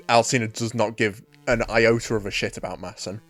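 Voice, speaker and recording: A man's voice: on the low side, fairly quick, hardly any pauses, faint music behind. A man co-hosting a podcast, chatting casually about fan writing and acting out character lines as he talks. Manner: animated, acts out character lines while talking. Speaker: podcast co-host.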